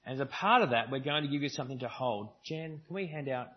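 Husky-voiced preacher in a lo-fi church recording. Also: male voice, medium pitch, expressive, quick pace. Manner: conversational preaching with varied emphasis. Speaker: pastor. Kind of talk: sermon. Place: church service.

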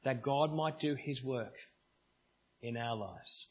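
A man's voice: mid-range voice, slow pace, breathy edge, lo-fi sound. A man preaching a sermon at a church service, in a conversational style with varied emphasis. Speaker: pastor.

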